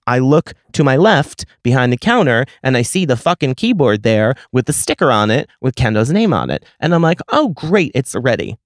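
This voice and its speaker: A man on a podcast, ranting through a story with heavy swearing and exasperation. His voice sits at a middle pitch, dropping low when he mutters and climbing when he blows up. The sound is dry and close, with no room around it. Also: expressive, brisk, few pauses, no echo. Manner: profane, exasperated ranting that swings between muttering and loud outbursts. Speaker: podcast host.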